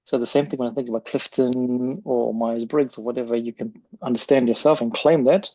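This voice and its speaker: A man's voice: medium pitch, steady tone, brisk, a little mellow, no room sound, muffled recording. A man hosting a podcast, chatty and rambling with frequent restarts. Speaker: podcast host. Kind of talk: casual podcast interview.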